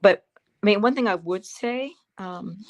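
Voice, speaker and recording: A woman in her seventies answering interview questions as a guest actress, telling fond stories with pauses and fillers. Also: mid-range voice. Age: 70s. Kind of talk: interview answers over a livestream.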